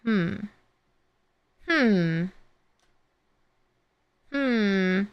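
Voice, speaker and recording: A woman's voice: mid-range voice, lively intonation, drawn-out words, clear, resonant tone, dry recording, muffled recording. A young woman chatting casually on a live stream, tired and rambling, with many fillers and restarts. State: tired and yawning. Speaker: streamer reacting to videos and chat.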